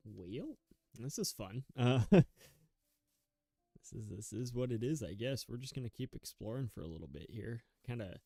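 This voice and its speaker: Casual gameplay commentator, young man, rambling and self-mocking, dark gravelly tone, light music bed. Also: medium pitch, sing-song, moderate pace, no room sound, studio quality. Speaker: gaming YouTuber.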